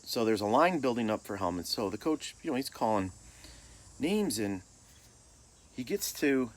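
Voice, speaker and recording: A man's voice: medium pitch, sing-song, moderate pace. A middle-aged man from Michigan telling a personal story in a laid-back, self-deprecating way. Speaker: storyteller vlogger. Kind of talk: casual storytelling.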